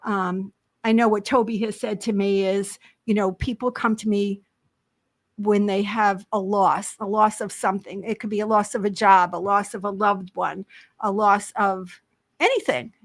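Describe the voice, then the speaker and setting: A woman's voice: medium pitch, level tone, moderate pace. An older retired woman volunteering as a community advocate, chatting eagerly and at length in a talk show interview, often laughing. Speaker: library volunteer advocate guest.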